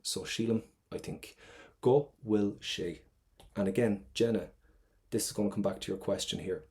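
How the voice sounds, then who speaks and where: A man's voice: on the low side, steady tone, a little fast, darkish tone. A young Irish man teaching an online exam prep class, upbeat and playful, explaining step by step.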